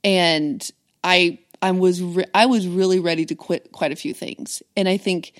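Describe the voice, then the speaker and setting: Co-host, woman, lowish voice, candid and reflective, dry close sound. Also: steady tone, no room sound. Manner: candid, reflective, quick affirmations. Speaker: podcast co-host. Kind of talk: casual chat.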